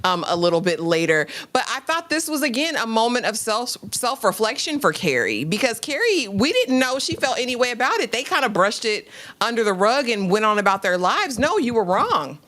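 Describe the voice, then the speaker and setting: A woman co-hosting a live TV recap, talking in a relaxed, thoughtful, conversational way. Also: fairly high pitch, a little fast. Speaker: co-host reviewing a TV episode. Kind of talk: casual live recap chat.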